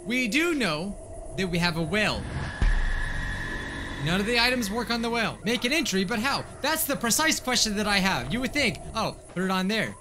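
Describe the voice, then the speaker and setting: A man playing a horror game and commenting as he goes, thinking aloud and getting loudly frustrated. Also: normal speed, noisy background. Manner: excitable, thinks aloud, swings between mutters and high yelps of frustration. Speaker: gaming YouTuber. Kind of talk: let's play commentary.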